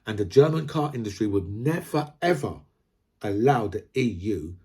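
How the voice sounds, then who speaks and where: A man's voice: on the low side, animated, moderate pace, a little mellow. Rambling man ranting about politics. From Britain. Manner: rambling, repeats himself, keeps asking "right?". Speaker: political commentator. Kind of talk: casual political rant.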